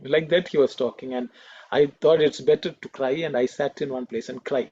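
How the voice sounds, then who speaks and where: A man's voice: fairly high pitch, a little fast, a little mellow, dull audio. A man giving an earnest, emotional talk at a devotional gathering, telling a personal story with many fillers.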